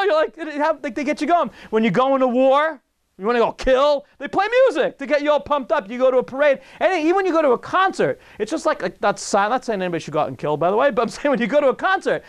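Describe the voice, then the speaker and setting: A man, a rabbi, giving a jokey, animated talk to an audience, acting out little scenes and asking the room questions. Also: very high voice, quick pace. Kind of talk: lively lecture to an audience.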